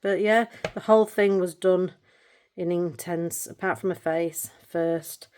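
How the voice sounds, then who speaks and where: A woman's voice: lowish voice, steady tone, measured pace, a little mellow, a little hiss or hum. A middle-aged woman chatting casually about her colouring books. She gets emotional easily and laughs a lot. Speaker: colouring channel vlogger. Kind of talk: casual chat showing books.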